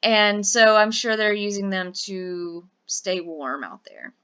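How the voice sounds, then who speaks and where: A woman's voice: medium pitch, takes it slowly, fairly bright tone, clean tone, lo-fi sound. A woman from Louisiana chatting casually about her eBay sales, rambling with lots of fillers. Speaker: eBay reseller vlogger. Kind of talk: casual chat.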